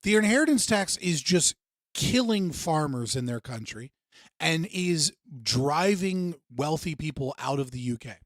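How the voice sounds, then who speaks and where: A man's voice: on the high side, expressive, a little slow, no echo. Sarcastic, swearing man ranting on a livestream. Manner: heated, sarcastic, swears often. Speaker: livestream host reacting to clips. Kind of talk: profane livestream commentary.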